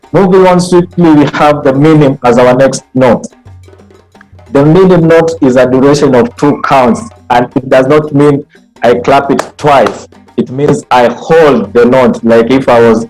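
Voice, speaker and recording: A man's voice: mid-range voice, a little mellow, low-quality recording. Man, music teacher trainer, video call, explanatory, chants rhythm syllables, faint music behind. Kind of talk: online training session. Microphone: computer mic on a video call.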